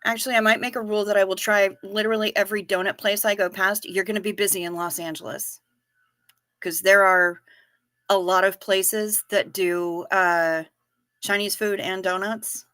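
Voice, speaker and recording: A woman's voice: mid-range voice, level tone, normal speed, a bit bright, no echo. A woman hosting a live stream, chatting casually, telling jokes and reading out viewer messages. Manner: chatty, joking, reads chat aloud.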